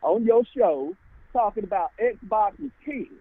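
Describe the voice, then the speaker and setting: Man, angry phone caller, very high voice, husky, swings all over, tinny phone sound. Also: expressive, a little slow, no echo. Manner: heated, swearing, shouty.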